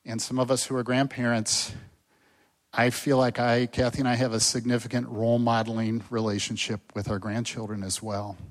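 An older man delivering a sermon in an earnest, conversational way. He speaks at a middle pitch and keeps checking in with his listeners through rhetorical questions. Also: level tone, moderate pace. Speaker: pastor.

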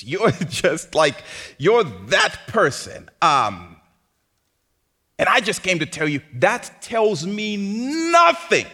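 A male pastor preaching a sermon in an animated, playful way, now and then mimicking panicked voices for laughs. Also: on the high side.

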